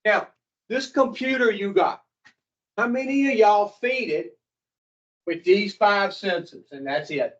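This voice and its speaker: A man, his voice fairly high for a man, speaks to a recovery class at an unhurried pace. He is blunt and profane and keeps firing questions at his listeners. The recording sounds dull and lo-fi. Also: fairly bright tone. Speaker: addiction recovery counselor. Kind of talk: classroom talk to a recovery group.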